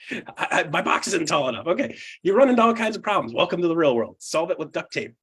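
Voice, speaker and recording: A fairly high-pitched man with a husky, slightly rough voice presents a live seminar to real estate agents. He talks bluntly and energetically, drops casual swearing, laughs a lot and keeps asking the room "right?". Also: very animated, normal speed, fairly bright tone. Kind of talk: live seminar talk to an audience.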